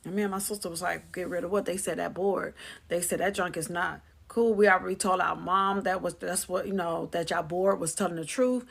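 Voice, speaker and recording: A woman vlogger tells a story straight to her viewers, chatty and full of slang. She acts out what her relatives said, and her voice carries a gravelly, creaky edge. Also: lowish voice, fairly even intonation, a little fast. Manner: chatty, slangy, acts out family members' lines. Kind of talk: casual storytelling to camera.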